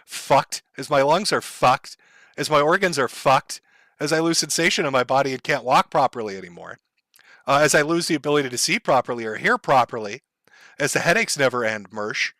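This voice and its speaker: A man's voice: medium pitch, lively intonation, sharp tone, no room sound, clean studio sound. A middle-aged man streaming live, mocking and sarcastic as he reads through a list. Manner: mocking, sarcastic, drawn-out taunts. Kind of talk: sarcastic livestream rant.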